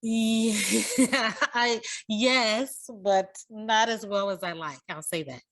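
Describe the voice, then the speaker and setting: A woman's voice: on the high side, takes it slowly, a bit bright. A woman taking part in an online workshop, modest and a little hesitant about her own speaking. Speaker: workshop participant.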